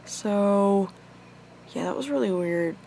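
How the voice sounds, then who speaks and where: A woman's voice: mid-range voice, slow, dark tone, slight background noise. A young woman telling a personal story to her camera, rambling with lots of swearing and filler words. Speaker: vlogger. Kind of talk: casual storytime monologue.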